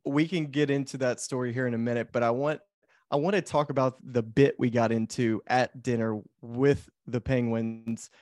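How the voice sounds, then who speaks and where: A man's voice: medium pitch, fairly even intonation, moderate pace, darkish tone. A man hosting a podcast, teasing his guest in a playful way and setting up stories with casual questions. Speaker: podcast host, pro golfer. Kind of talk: casual interview chat.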